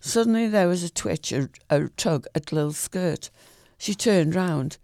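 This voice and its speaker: A man reading a short story aloud in a calm, even way, with the odd small slip. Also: high-pitched, measured pace, vocal fry, no room sound, clean studio sound.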